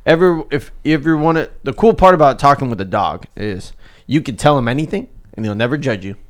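A man chatting as a podcast guest, easygoing and quick to laugh, swearing casually. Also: mid-range voice, lively intonation.

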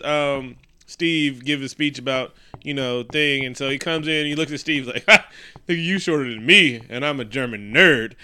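A man with a very bright, smooth voice, talking casually as a podcast co-host. He swears freely and jumps into mock quotes from the film. His delivery is loose and joking. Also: on the high side. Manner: profane, joking, acts out quotes. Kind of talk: casual movie recap chat.

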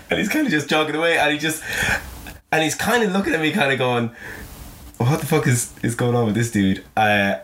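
A man's voice: fairly low pitch, a bit bright, slight background noise. A young Irish man casually telling a travel story as a podcast guest, swearing freely and laughing as he goes. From Ireland.

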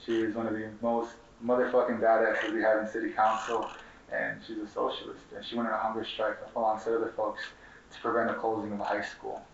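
Fiery profane young organizer, roomy hall. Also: male voice, lowish voice, completely flat delivery, fast, vocal fry, slight background noise. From Mexican heritage, Chicago. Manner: fiery, profane, repeats and restarts, asks the audience questions. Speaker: community organizer speaking at a conference. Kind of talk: impassioned activist speech. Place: conference hall with an audience. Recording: distant, roomy, dull room recording.

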